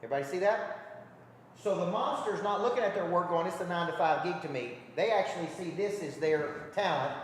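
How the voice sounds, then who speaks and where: High-voiced man coaching in an echoey hall. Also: fairly quick, recorded from a distance, slight background noise. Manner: emphatic, repeats rhetorical check-ins with the crowd. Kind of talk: seminar talk to an audience. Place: large hall with a live audience.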